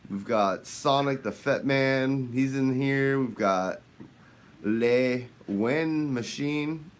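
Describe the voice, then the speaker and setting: A man hosts a fishing channel livestream, casually chatting and greeting viewers by name, his voice jumping up high during the shout-outs. Otherwise his delivery is slow and smooth.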